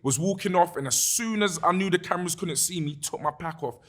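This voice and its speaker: Young london guy telling a story on a podcast, animated, swears a lot, keeps saying bruv. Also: high voice, a little fast. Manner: animated, swears freely, says "bruv" often. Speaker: guest musician.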